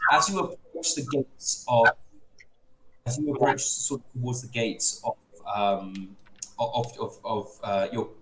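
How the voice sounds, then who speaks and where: A man narrating a tabletop game scene, rambling and restarting his descriptions. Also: on the low side. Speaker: game master. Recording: echoey room with crowd noise.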